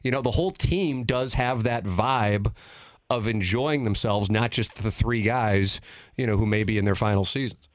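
A man hosting a sports radio show, chatting quickly in friendly banter. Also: fairly low pitch, no echo, studio quality. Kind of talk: casual sports radio talk.

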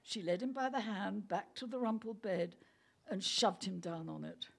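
A woman's voice: medium pitch, expressive, normal speed, vocal fry, breathy edge. A woman reading a story aloud, amused and often breaking into laughter. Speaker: reader.

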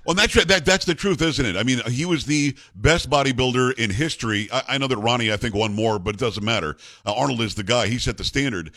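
A man hosting a radio talk show, chatting eagerly with his guest and cutting in with quick replies. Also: medium pitch, a bit bright. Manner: enthusiastic, chatty, quick back-channel replies. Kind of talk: casual radio interview.

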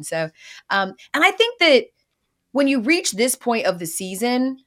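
A woman's voice: mid-range voice, normal speed. A woman hosting a sports talk show, chatting casually and animatedly about football with a co-host. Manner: lively, animated, chatty with fillers. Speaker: podcast host.

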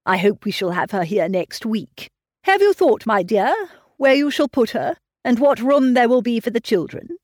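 A woman puts on a fretful, fussy old gentleman in a storybook reading, his worried, plaintive voice swinging up and down in lively turns. His lines are often drawn out slowly, and the sound is dry and close. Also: on the high side, no room sound. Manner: plaintive, sighing, fussing over family. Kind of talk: audiobook reading of a classic novel.

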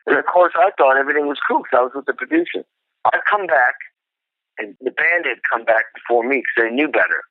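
A middle-aged man, a drummer, telling an animated, profane story about his early career. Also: medium pitch, a little fast, no room sound. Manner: animated, profane, acts out quotes. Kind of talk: storytelling interview. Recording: tinny phone-like line.

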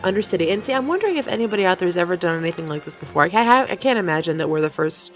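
A woman's voice: on the low side, animated, rapid-fire, soft background music. A woman hosting a podcast in casual chat, talking chattily with many fillers and frequent laughs. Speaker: podcast host. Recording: dull lo-fi sound.

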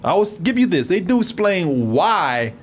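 Casting note: an excitable male podcast host roasting a movie, high and bouncy, with faint background noise. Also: moderate pace. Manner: animated, profane, laughing often. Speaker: podcast host reviewing a film. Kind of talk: comedic film-review banter.

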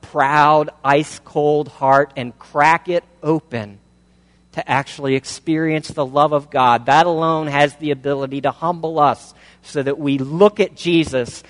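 Male preacher, fairly high voice, emphatic, stacks repeated phrases; long reverb. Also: steady tone, unhurried, fairly bright tone. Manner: emphatic, builds through rhetorical questions and repeated phrases. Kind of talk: sermon.

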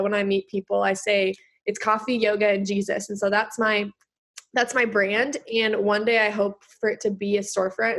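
A woman's voice: mid-range voice, vocal fry, a bit bright. A young woman in her late teens, a guest on a podcast, chatting in a bubbly way with many fillers. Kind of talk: casual interview chat.

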